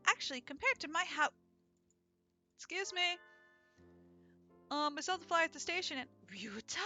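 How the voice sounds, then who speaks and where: A woman's voice: very high voice, expressive, normal speed, long pauses, bright, forceful tone, soft background music. A woman hosting a let's-play, reading a visual novel aloud in a chatty, playful way.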